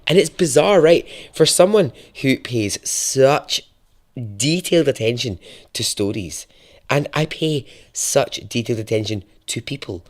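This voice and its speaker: A young Scottish man hosting a podcast, telling a true story in a chatty, expressive way that turns hushed and dramatic. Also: medium pitch, unhurried. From Scotland. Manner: lively, chatty and profane, dropping to a hushed, dramatic tone for dark moments. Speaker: podcast host. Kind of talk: conversational true-story narration.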